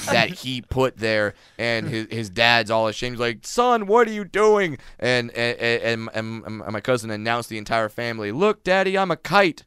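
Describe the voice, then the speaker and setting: A man with a bright, very crisp voice tells comic stories in a casual interview, jumping into other people's voices and laughing along. The sound is dry and close, with no room around it. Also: lowish voice, no room sound. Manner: animated, laughing, acting out quoted voices. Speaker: comedian guest.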